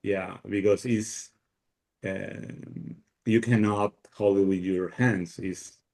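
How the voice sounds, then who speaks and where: A man from Paraguay talks over a video call in a Paraguayan Spanish accent, Spanish being his first language. His voice sits a little low and sounds mellow. He speaks haltingly, restarting phrases and filling gaps, and laughs often. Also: fairly even intonation, gravelly. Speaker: guest speaker. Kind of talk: casual video call chat.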